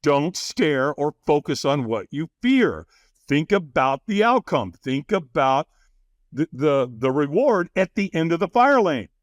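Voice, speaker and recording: Slightly high and a bit slow, this man's voice comes through dull audio without echo. He's a podcast guest spinning a lively conversational story, acting out others' words and laughing often.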